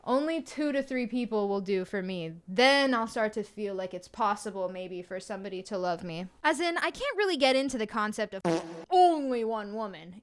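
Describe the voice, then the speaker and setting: A woman's voice: mid-range voice, clean tone. A young woman hosting a comedy commentary, reading text aloud in a sarcastic, incredulous way and laughing often. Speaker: host.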